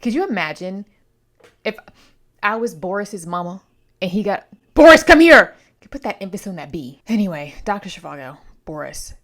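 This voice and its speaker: A woman's voice: on the low side, fairly quick. A woman giving a casual, chatty book review on her vlog, rambling with playful asides while congested from allergies.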